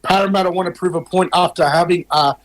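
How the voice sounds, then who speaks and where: Australian man, high voice, excitable, casual sports chat host. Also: fast talker. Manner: excitable, tells stories with acted quotes. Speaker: podcast host.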